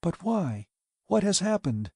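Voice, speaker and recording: A man reading an audiobook, voicing a composed, courteous woman who speaks in a calm, dignified and measured way. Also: high-pitched, slightly rough, no room sound, studio quality, pitched above the performer's own voice, exaggerated voice. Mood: alarmed.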